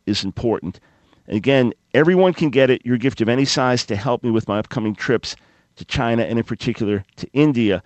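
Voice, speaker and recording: A man hosting a call-in radio show, reading and commenting with sarcastic, animated asides. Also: fairly low pitch, dry recording. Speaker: radio talk show host.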